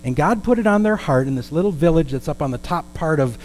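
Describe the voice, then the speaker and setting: A man's voice: on the high side, expressive, quick pace, a little mellow, slight background noise, low-quality recording. A man preaching a storytelling sermon in a conversational way, with asides and questions to the congregation.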